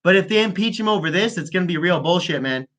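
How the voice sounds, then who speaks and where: High, bright-voiced profane man. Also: expressive, fast talker. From Canada. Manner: profane, boastful, rambling. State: high on weed. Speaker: host. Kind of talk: casual call-in chat with freestyle rapping.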